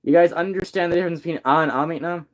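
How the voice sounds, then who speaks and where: A man's voice: a little high, rapid-fire. A young man in casual chat with friends, teasing them in a mock-teacherly way.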